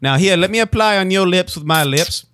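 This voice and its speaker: A man's voice: high voice, fairly quick, a bit bright, slight background noise. A man putting on a muddled British-Scottish accent, playing a boastful, rambling band singer in an improvised comedy sketch. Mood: blustering. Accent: put-on mixed British and Scottish. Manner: blustering, rambling, slangy "mate".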